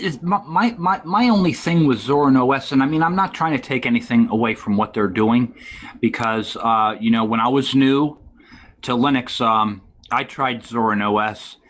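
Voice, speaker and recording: A man hosting a casual tech talk show, rambling and halting with many fillers. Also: medium pitch, a bit bright. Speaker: podcast host.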